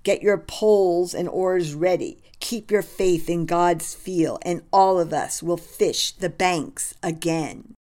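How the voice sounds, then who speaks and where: A woman voicing a calm, encouraging colonel. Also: lowish voice, slow pace, few pauses. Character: steady colonel of boatmen, man, encouraging.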